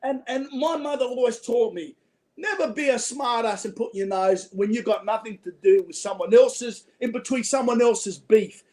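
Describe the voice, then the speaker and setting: A call-in guest with an Australian accent chats casually, rambling along and swearing freely. His voice is extremely high-pitched yet darkish in tone, and he talks at a moderate pace.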